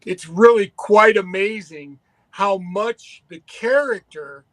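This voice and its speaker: A man's voice: high voice, slow, a bit bright, no room sound. A man co-hosting a casual wrestling chat, rambling enthusiastically with many restarts. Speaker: podcast co-host.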